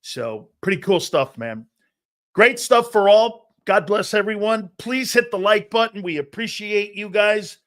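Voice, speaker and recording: High-voiced excitable middle-aged sports host. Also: male voice, measured pace. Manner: excitable and jokey, loud outbursts, frequent laughs and fillers. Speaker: sports talk show host. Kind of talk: live sports talk, reading viewer chat.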